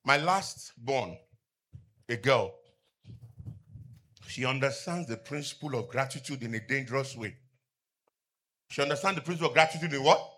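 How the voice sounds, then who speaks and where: A middle-aged man preaching a sermon as pastor, asking the congregation to finish his lines and rising to shouts. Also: mid-range voice, expressive, moderate pace, long pauses, slight background noise. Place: church with outdoor canopy seating.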